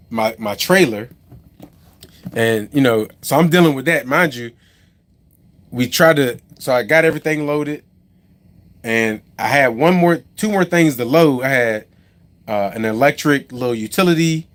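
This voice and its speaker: A man's voice: medium pitch, fairly bright tone. A man who drives a truck and owns a trucking company, telling a story on a casual live stream, rambling with many restarts and asides to viewers.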